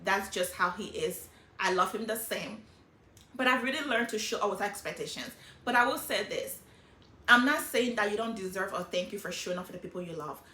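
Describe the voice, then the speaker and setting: A middle-aged woman talking casually and emotionally about her life, in an animated, hyper way. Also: medium pitch, a little fast, reverberant. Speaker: vlogger sharing life lessons. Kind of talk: casual personal talk.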